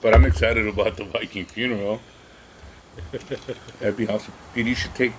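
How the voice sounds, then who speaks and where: A man co-hosting a podcast in casual chat, easygoing and quick to laugh. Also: fairly low pitch, fairly even intonation, very noisy. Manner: easygoing, laughs often, says dude. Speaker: podcast co-host.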